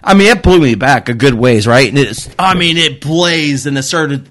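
A middle-aged father on a casual podcast, telling stories animatedly, swearing and loudly acting out what people said. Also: medium pitch, moderate pace. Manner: animated, swearing storyteller who acts out quotes loudly. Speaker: guest father. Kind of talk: casual storytelling chat.

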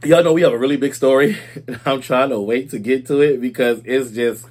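A man hosts a casual gossip segment, chatting to his listeners as if they were close friends. His voice sits at an ordinary middle pitch, and he talks loosely and informally, sprinkling in "y'all" and "baby" as he goes. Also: a little fast, a little mellow. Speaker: celebrity gossip host.

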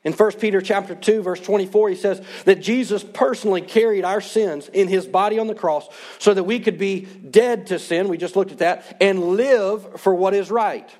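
A man's voice: high-pitched, normal speed, hardly any pauses, a little mellow. A man in his thirties, a pastor, preaching a sermon in an earnest, conversational way.

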